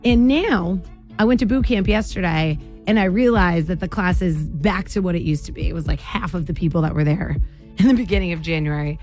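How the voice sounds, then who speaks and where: A woman's voice: on the low side, brisk, a little mellow. A woman hosts a morning radio show, talking straight to her listeners. She is bubbly and laughs easily. Faint music sits under her voice. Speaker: radio host. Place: radio studio.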